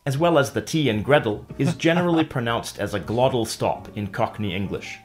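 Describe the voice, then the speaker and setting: A man narrating a scripted language lesson, explaining clearly and stretching example words out slowly. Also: medium pitch, soft background music. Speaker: language teacher.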